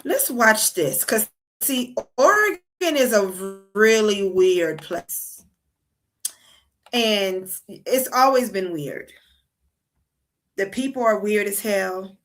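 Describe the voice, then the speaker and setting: A woman's voice: mid-range voice, lively intonation, slow pace, pauses often. A woman hosting a political livestream, ranting in a heated, profane, casual way. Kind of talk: casual live-stream commentary. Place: abroad while traveling.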